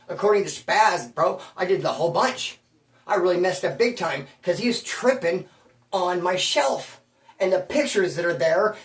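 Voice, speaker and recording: A man's voice: high-pitched, far from the mic. A man hosting his channel, telling stories in a casual, slangy, self-mocking way. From Bakersfield, California. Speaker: channel host. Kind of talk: casual storytelling monologue. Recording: roomy sound, voice away from the mic.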